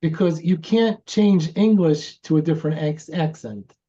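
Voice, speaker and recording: A man with an American accent, speaking in a measured way with hesitant restarts in a webinar. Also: fairly high pitch, dark tone. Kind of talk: webinar discussion. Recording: dull lo-fi mic.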